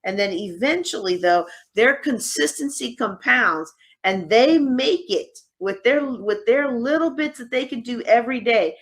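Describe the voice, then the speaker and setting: A woman giving a lively live conference workshop, teasing her audience with sarcasm. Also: a little high, a little slow. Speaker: host and workshop speaker. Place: conference room.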